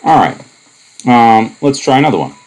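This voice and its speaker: A man lecturing on propositional logic, explaining in a relaxed, wandering way with many asides and fillers. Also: medium pitch, normal speed, rough recording. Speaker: math lecturer. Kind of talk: recorded lecture.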